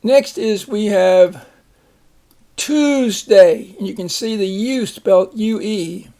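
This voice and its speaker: A man teaching a phonics lesson, slowly reading words, splitting syllables and giving example sentences. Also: high voice, dark tone. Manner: slow, deliberate, repeats each word and splits syllables.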